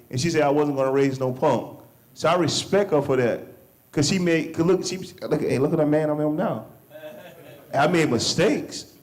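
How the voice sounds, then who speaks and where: A man, hosting a men's discussion in an emphatic, repetitive way. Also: low-quality recording. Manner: emphatic, repeats himself, lively pitch swings. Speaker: host. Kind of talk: animated men's group discussion.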